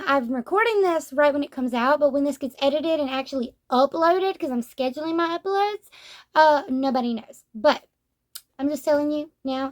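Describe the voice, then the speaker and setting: A young adult woman talking casually as she reviews a manga, chatty and rambling, with lots of "like". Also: high-pitched.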